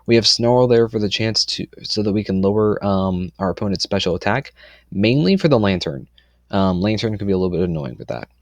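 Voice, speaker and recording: A young man casually explaining his competitive team for a video, confident and rambling, with lots of "um"s and quick self-corrections. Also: on the low side, animated, no echo.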